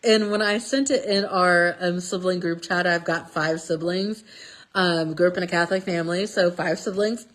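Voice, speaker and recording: A woman with a lowish voice shares a Bible passage at a normal speed, telling it like a casual story. She is lively and chatty, stressing her words with "okay?"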